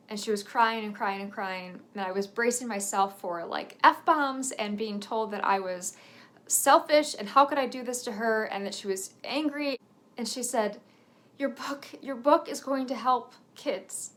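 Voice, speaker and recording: A woman's voice: mid-range voice, fairly bright tone. A woman in her thirties, an author telling a personal family story in an earnest, reflective way, with a few nervous laughs.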